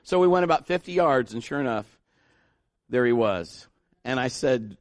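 A man preaching a sermon, telling a story in an animated way and acting out the voices of others. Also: mid-range voice, moderate pace, no echo. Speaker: pastor.

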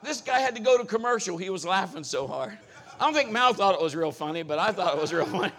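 A male pastor preaching a sermon, telling animated stories and acting out quoted voices. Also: sits high, quick pace.

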